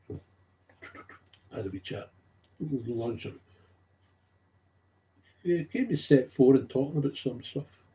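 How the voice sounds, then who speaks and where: A man with a mid-range, dark-toned voice takes his time, pausing often. Speaking unscripted, he shares stories from recovery work, growing agitated and repeating key phrases for emphasis.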